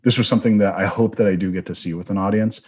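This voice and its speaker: A man's voice: fairly low pitch, steady tone, racing, a little mellow, slightly rough. A man hosting a film interview who talks in long, thoughtful, rambling reflections. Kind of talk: conversational interview.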